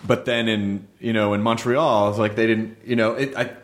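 A man's voice: fairly low pitch, little pitch movement, normal speed. A man hosting a podcast, loose and casual, swearing freely and asking long, winding questions. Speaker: podcast host.

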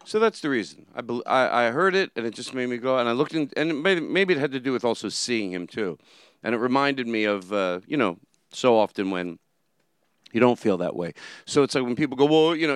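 A man's voice: mid-range voice, very animated, fairly quick, a bit bright, clear, resonant tone, no room sound, clean studio sound. A man hosting a solo show, talking through his thoughts in a rambling, casual monologue full of restarts. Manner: rambling, with many restarts and fillers.

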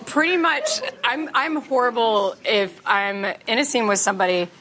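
A woman's voice: a little high, normal speed, sharp tone. Laughing woman in her thirties on a panel. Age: 30s. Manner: candid, laughs often, swears casually. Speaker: actress guest at a fan panel. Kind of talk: casual panel chat.

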